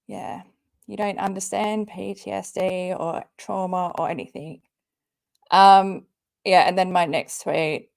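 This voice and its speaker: A woman's voice: fairly low pitch, steady tone, slow, creaky, a little mellow. A woman hosting a live commentary stream, reading out tweets and ranting back at them with angry, sweary sarcasm. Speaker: commentary channel host.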